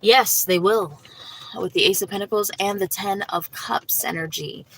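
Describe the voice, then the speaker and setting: A woman's voice: medium pitch, normal speed, a bit bright, slight background noise, low-quality recording. A woman doing a livestream tarot reading, chatty and full of fillers, talking to her viewers by name. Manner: chatty, many fillers like "you know" and "like"; laughs easily, talks to viewers by name. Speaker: tarot reader.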